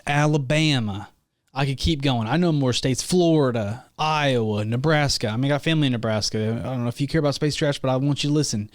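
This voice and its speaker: A young man hosting a solo comedy podcast, rambling and hyped as he pitches his plan to listeners with mock-rallying energy. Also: brisk, no room sound, clean studio sound. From Missouri. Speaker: podcast host.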